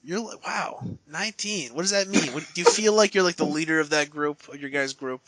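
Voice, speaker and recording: A man's voice: fairly high pitch, fairly quick, heavy background noise. A man in casual podcast chat, telling rambling jokey stories. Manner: rambling, joking storyteller.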